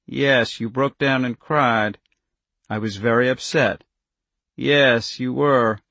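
A man voicing an older male government chief who answers in a flat, obedient way and turns whiny under pressure. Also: mid-range voice, takes it slowly, gravelly, no room sound, exaggerated voice. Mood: dazed.

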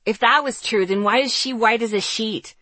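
An irritable young man who snaps and demands answers, as a woman reads him in a story. His tone is sharp and impatient. The recording is dry and close. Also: mid-range voice, lively intonation, normal speed, no echo. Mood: irritated. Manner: snappish, demanding.

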